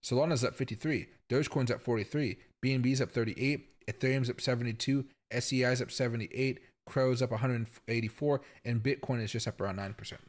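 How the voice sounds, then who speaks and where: A man's voice: medium pitch, steady tone, fairly quick, hardly any pauses. Chatty man hosting a crypto livestream. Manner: chatty, rambling, talks straight to viewers. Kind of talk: casual livestream commentary. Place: home.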